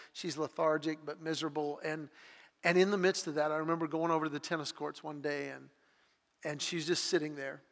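A man with a notably high voice delivers an earnest, heartfelt sermon and tells personal stories as he builds in intensity. His words ring out with a long reverb, the way sound carries in a large church hall. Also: fairly bright tone. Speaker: pastor.

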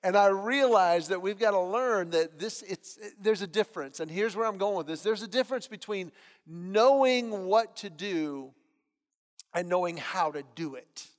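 High-voiced man preaching in an echoing hall. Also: moderate pace. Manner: storytelling, animated, acts out voices in anecdotes. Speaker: pastor. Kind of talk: sermon. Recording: long hall reverb.

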